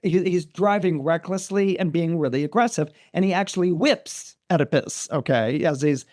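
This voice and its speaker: A man with a slightly high voice tells an old story on a podcast. He is lively and conversational, stopping to restart and throw in asides. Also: moderate pace. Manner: animated, many restarts and asides. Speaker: guest astrologer.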